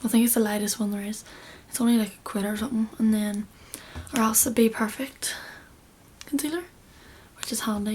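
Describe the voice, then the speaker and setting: A woman's voice: fairly high pitch, darkish tone, a little hiss or hum. A young woman giving a casual makeup tutorial, chatty and rambling, often dropping into a half-whisper. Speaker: beauty vlogger.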